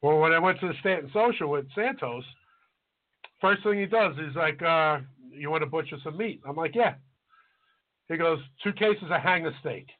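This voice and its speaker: A man with a slightly high voice, chatting in an easygoing way about working in kitchens. His voice comes through thin and narrow, like a phone line. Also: moderate pace. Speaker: podcast co-host, cook. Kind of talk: casual chat. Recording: tinny phone-like audio.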